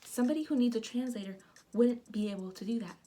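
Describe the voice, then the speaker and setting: A young woman telling a casual storytime vlog, animated and profane, acting out what people said. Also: on the high side, quick pace, a little hiss or hum. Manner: animated, profane, acts out quotes. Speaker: vlogger.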